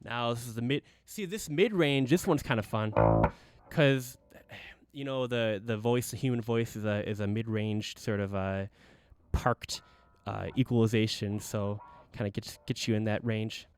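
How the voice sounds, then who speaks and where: A man's voice: medium pitch, unhurried. A man hosting a casual guitar gear demo, enthusiastic and rambling, with many restarts.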